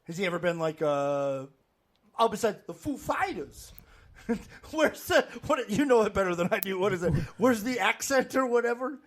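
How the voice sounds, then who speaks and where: A man's voice: high-pitched, normal speed. A man co-hosting a sports podcast, joking and laughing in casual banter with friends. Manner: joking, laughs often, animated. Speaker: podcast co-host.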